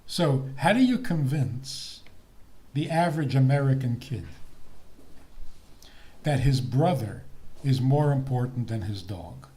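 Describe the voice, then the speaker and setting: An older man, a rabbi, giving a talk on faith and marriage in a teasing, deliberate manner. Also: mid-range voice. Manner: lively, teasing, slow deliberate delivery with laughs.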